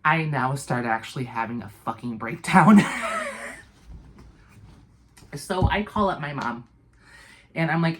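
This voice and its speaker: A young woman vlogger telling a storytime tale in a casual, animated way, full of fillers and swearing. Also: a bass voice, measured pace, pauses often, a little hiss or hum.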